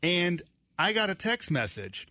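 A man in his thirties, co-hosting a casual chat, animated and laughing often. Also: high-pitched, measured pace, no echo. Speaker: co-host.

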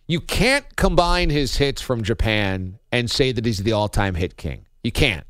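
A man's voice: on the high side, clean tone, dry recording, studio quality. A man hosting a sports talk show, joking around and rattling off baseball stats in a casual, wry way.

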